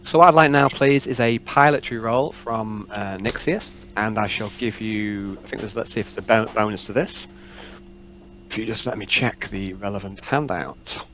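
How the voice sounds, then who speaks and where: A man's voice: lowish voice, moderate pace, fairly bright tone, a little hiss or hum. A man running a tabletop role-playing game as game master, narrating in a rambling, self-deprecating way.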